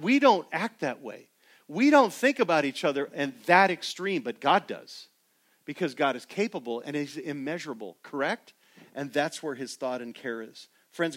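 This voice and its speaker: A middle-aged man delivers a sermon to his church in a slightly high voice. He is emphatic, swinging from quiet asides to loud, insistent preaching peaks. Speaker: pastor.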